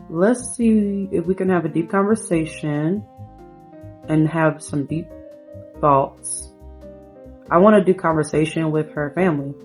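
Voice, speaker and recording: Chatty woman narrating her game. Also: low voice. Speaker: gameplay streamer. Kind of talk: casual let's-play commentary.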